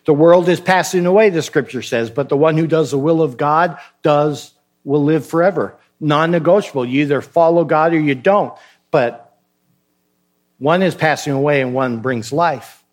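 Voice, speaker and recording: A man's voice: on the high side, moderate pace. A man preaching a sermon as pastor, emphatic and questioning, acting out short dialogues.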